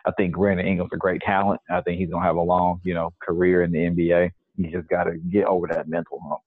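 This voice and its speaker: A man in his forties co-hosting a podcast, calmly laying out his view in casual sports chat. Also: low voice, no echo. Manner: measured, explains his view at length. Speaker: podcast co-host. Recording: tinny phone-line sound.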